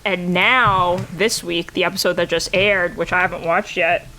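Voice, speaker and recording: A woman's voice: fairly low pitch, steady tone, normal speed, pushed and bright, a little hiss or hum. A woman co-hosting a casual podcast, talking in a chatty, loose way with frequent fillers and laughs. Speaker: podcast co-host. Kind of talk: casual chat.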